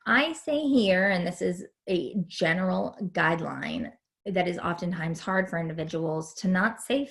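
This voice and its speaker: A woman's voice: fairly low pitch, a little slow, gravelly, fairly bright tone. A woman teaching an online lecture in a chatty, hesitant way with many fillers.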